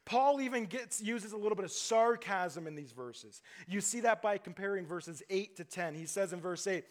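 A male pastor preaches with a fairly high voice, pressing his points with emphasis. He talks straight to his congregation and asks them rhetorical questions as he delivers his sermon. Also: moderate pace, hardly any pauses.

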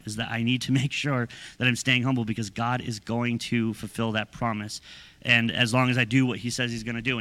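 Young male pastor, mid-pitched, strikingly bright tone, chatty energetic sermon delivery. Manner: conversational, energetic preaching with frequent "right?" and "okay?".

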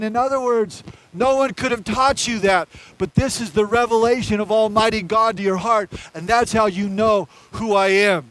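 A man with a very high voice preaches a sermon from the pulpit. He is animated and slips into quoted voices to act out the figures in the story he tells. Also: normal speed, poor audio. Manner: animated, acts out Peter's and Jesus's lines in quoted voices. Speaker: pastor.

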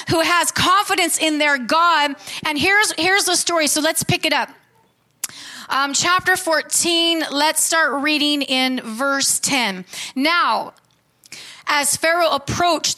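Brief: fervent female preacher, high and bright tone, tosses questions to the congregation. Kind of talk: sermon.

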